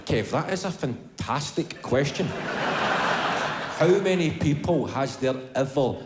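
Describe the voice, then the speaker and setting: A man doing his low, nagging inner night voice. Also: animated, slow, heavy background noise. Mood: needling. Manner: low, needling, drawn out. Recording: live comedy hall, crowd laughter.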